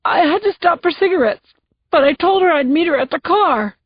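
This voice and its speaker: A woman's voice: extremely high pitch, animated, a little fast, dry recording, voice pushed up. A woman voicing a grief-stricken burly man who is crying and pleading in a choked voice. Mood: desperate. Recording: dull, dry studio sound.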